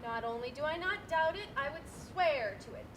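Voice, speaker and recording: A woman's voice: sits high, lively intonation, brisk, fairly bright tone. A woman playing a prim frazzled bank manager. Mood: stiffly patient. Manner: stiff, formal, increasingly exasperated. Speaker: stage actor. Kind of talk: live stage play. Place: school auditorium stage. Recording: noisy live stage recording.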